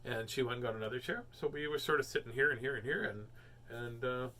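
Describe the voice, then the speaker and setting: A male host chats casually from home before reading children's books. His voice is bright and forceful at a middle pitch, and he rambles between jokes and filler words. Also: quick pace, a little hiss or hum. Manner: rambling, jokey, many fillers. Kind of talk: casual chat.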